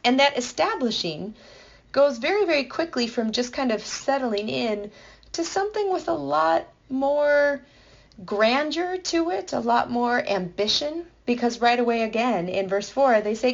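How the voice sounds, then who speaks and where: A woman leading a conversational Bible teaching, explaining the text in a playful, enthusiastic way with lively asides. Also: a little high, unhurried, muffled recording.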